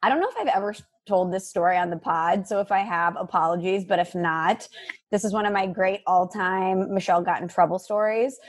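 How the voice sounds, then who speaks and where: A woman in her thirties from the US Midwest, co-hosting a podcast and telling a story in a casual, animated way. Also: medium pitch, fairly quick. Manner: lively storyteller, acts out quotes. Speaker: podcast co-host.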